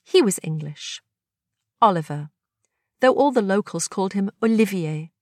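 Brief: woman voicing a wistful grown woman, bright lilting delivery, unhurried, close dry sound. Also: mid-range voice, lively intonation, no room sound, lightly acted.

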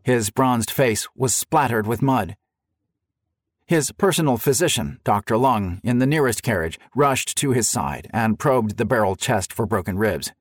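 A man's voice: lowish voice, lively intonation, normal speed, dry recording, clean studio sound. A man narrating a historical story for an audiobook, telling it in a dramatic, vivid way.

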